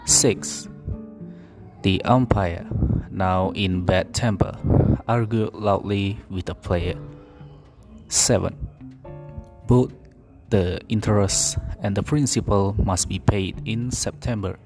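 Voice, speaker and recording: A man reading an English pronunciation drill aloud, carefully and deliberately, with occasional slips and self-corrections. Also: fairly low pitch, steady tone, darkish tone, soft background music.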